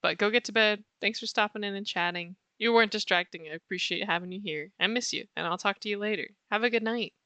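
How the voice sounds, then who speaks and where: A woman with a bright, clear voice chats casually with her viewers while she sketches. She answers chat in a warm, playful way and laughs often. Her voice is close and dry, with soft clicking in the background. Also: medium pitch, fast, few pauses, no room sound. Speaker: art streamer.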